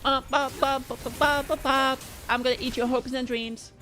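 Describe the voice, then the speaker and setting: A woman streamer chatting playfully over gameplay, making silly noises and swearing in excited bursts. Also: sits high, normal speed. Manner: playful, silly mouth noises and sing-song bits; swears freely in excited outbursts. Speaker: streamer playing a game. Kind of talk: casual gameplay commentary.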